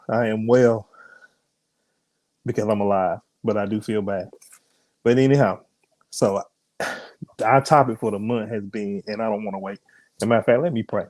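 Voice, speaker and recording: On a live-streamed sermon and chat, the host and minister speaks in a lowish, darkish voice, strained from being sick. There's no echo. He talks casually, names the viewers he greets, and then prays and preaches.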